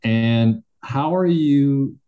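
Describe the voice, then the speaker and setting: A man's voice: medium pitch, very slow, highs cut off, soft background music. A man, co-hosting a casual podcast in an easygoing way, often laughing along. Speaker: podcast co-host.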